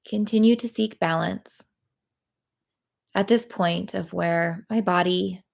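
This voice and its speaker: A woman leading a live guided tapping session, talking in a gentle, encouraging way with many pauses and fillers. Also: fairly low pitch, creaky. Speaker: EFT tapping practitioner.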